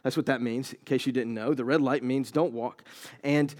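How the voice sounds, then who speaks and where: A male pastor preaching a sermon, moving from relaxed storytelling to emphatic, raised preaching. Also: mid-range voice, moderate pace. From United States.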